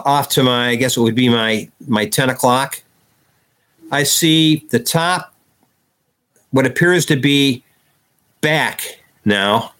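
A man, a podcast guest, recounting an outdoor encounter step by step in detailed, animated conversational storytelling. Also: fairly high pitch. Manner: animated, acts out quoted dialogue.

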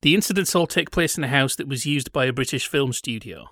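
A man's voice: mid-range voice, animated, fairly quick, fairly bright tone, no room sound, clean studio sound. A man chatting casually as a podcast co-host, telling wry, digressive stories. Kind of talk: casual chat about old British TV.

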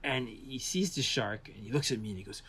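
Man telling animated, halting stories. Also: mid-range voice, slightly rough. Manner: animated storyteller with many restarts. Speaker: animation and visual effects artist, guest. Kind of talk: casual anecdotal interview.

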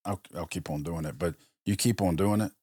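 Deep-voiced man telling lively stories. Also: fairly quick, slightly rough, no room sound. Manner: animated storyteller acting out quoted dialogue. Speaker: podcast guest, police officer. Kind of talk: casual storytelling chat.

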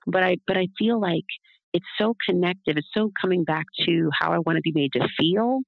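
Gravelly woman musing in a dull recording. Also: fairly low pitch, normal speed, no room sound. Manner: rambling and reflective, with frequent tag questions. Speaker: guest, doula. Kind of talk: casual interview talk. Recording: dull, lo-fi, dry.

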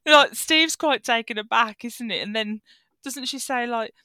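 Slow, bright, laughing woman. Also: a little high, no room sound. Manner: laughs often, slow and lively. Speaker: guest co-host. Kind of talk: casual recap chat.

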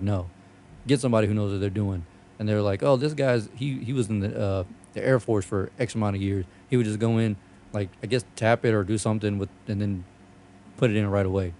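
A man's voice: fairly low pitch, dark tone, a little hiss or hum. Joking, profane man in casual chat. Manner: profane, joking, laughs often.

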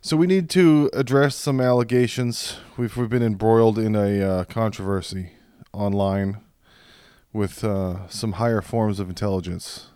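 A man's voice: fairly low pitch, fairly even intonation, unhurried, mellow, clear, resonant tone, no echo, clean studio sound. A man co-hosting a comedy podcast, bantering irreverently and laughing often. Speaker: podcast co-host.

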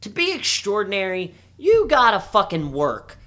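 A man's voice: high voice, huge pitch swings, moderate pace, sharp tone. A man co-hosting a casual podcast chat with a Baltimore accent, rambling and joking with lots of swearing. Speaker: podcast co-host.

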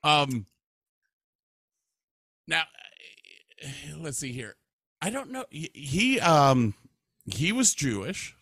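A man co-hosts a casual podcast and reads facts aloud to his partner. He talks slowly, and his pitch moves a lot. His voice is bright and recorded dry. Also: no room sound. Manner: reads facts aloud with lively, animated delivery. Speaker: podcast co-host. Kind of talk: casual chat.

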